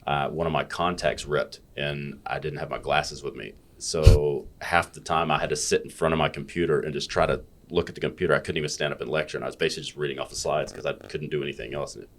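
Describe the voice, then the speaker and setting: A man's voice: a bass voice, steady tone, quick pace, few pauses, fairly bright tone. An American man telling stories as a guest in a casual podcast chat, blunt and freely swearing. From United States. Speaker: guest, fitness educator.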